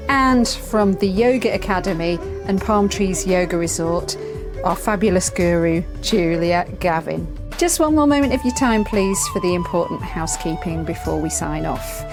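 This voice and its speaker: A woman hosts a podcast, talking with a guest and closing the episode in a gushing, heartfelt way. Music runs clearly beneath her voice. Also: medium pitch. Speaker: podcast host. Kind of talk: interview and scripted outro.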